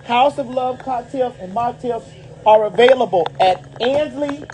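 A woman's voice: fairly high pitch, a little slow, warm tone, slight background noise. Sassy Southern woman hyping a product. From Southern United States. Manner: flamboyant, sassy, calls viewers honey and baby. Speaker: brand ambassador and host. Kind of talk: promotional vlog. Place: out and about on city streets and in a liquor store.

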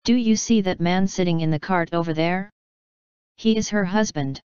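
A dutiful servant from an old storybook tale, reporting plainly in a low, smooth voice, read by a woman. The recording is dry and slightly dull. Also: moderate pace, darkish tone, no echo, close to an everyday voice. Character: dutiful male royal servant.

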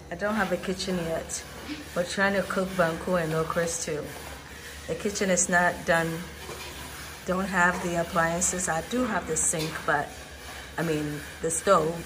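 A woman, vlogging casually and explaining things plainly, often pausing to find her words. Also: on the low side. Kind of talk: casual vlog narration. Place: outdoor porch used as a kitchen. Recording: outdoor ambient noise.

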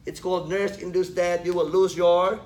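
A man's voice: high voice, flat delivery, moderate pace, a little mellow. A man lecturing a class, quizzing students with questions and joking as he teaches. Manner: joking, laughs at his own jokes. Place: lecture room. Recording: echoey classroom with faint noise.

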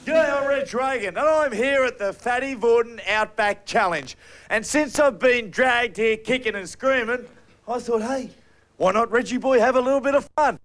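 A man playing a brash, blokey male TV presenter with an Australian accent, loud and cocky. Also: very high-pitched, normal speed. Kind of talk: comedy field segment.

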